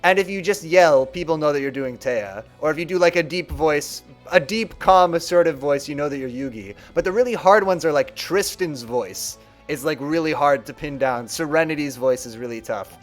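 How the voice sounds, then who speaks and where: A man's voice: on the high side, moderate pace, hardly any pauses, faint music behind. A man streaming a card video game, chatting casually and rambling about how people play. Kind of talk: casual gameplay commentary.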